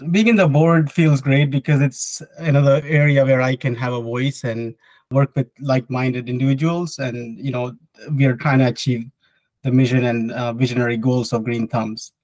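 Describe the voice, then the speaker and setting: A man's voice: mid-range voice, fairly even intonation, normal speed, a little mellow, no echo, poor audio. A young man, an engineer, answering interview questions in a sincere, reflective way. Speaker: hydrological engineer and board member.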